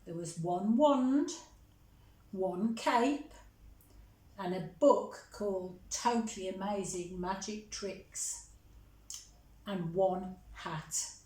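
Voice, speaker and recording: A woman reading a picture book aloud to children, gently chatting with them between pages. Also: medium pitch, extremely slow, long pauses. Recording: roomy echo.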